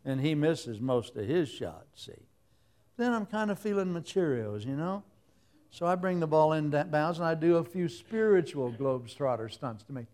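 A man preaching with a somewhat high voice. He keeps it light, tells jokey stories and throws in his own sound effects. He often laughs along with the congregation. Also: a little mellow. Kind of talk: humorous sermon.

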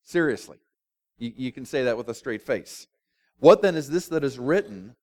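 A man preaching and voicing Jesus as a calm adult man who dryly challenges his accusers. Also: medium pitch, moderate pace, natural voice. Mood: wry.

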